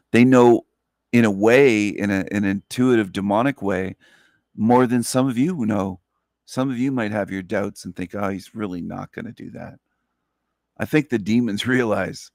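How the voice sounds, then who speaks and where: Sleepy man hosting a solo spiritual talk, low gravelly voice, dry close sound, slow earnest delivery. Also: dry recording. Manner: slow, earnest, repetitive phrasing. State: sleepy, up all night. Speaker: channel host.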